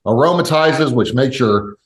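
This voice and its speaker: A man's voice: medium pitch, animated, normal speed. A man co-hosting a podcast, telling stories in casual chat and acting out the people he quotes. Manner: storytelling, acts out quotes. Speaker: podcast co-host. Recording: roomy echo.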